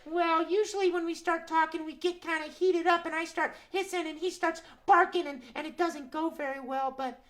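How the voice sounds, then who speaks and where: A woman voicing a fretful young house cat in a children's puppet show, complaining in a high, fed-up voice. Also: steady tone, normal speed, few pauses. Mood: calming down.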